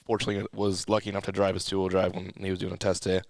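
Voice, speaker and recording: Young male guest, lowish voice, quick to jump in with a story, dry studio sound. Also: completely flat delivery, vocal fry, no room sound. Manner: chatty, playful, jumps in and laughs. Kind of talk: casual podcast chat.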